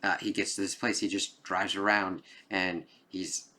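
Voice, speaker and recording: His voice sits low, with a flat delivery, a measured pace, and a pushed, bright quality. This film reviewer rambles through a casual movie review, full of "like" and "kind of," punctuated by occasional emphatic cursing.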